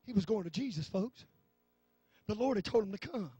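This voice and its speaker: A man preaching a fervent sermon in church, swinging from low talk to shouting. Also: animated, moderate pace, breathy edge, no echo. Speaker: pastor. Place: church sanctuary.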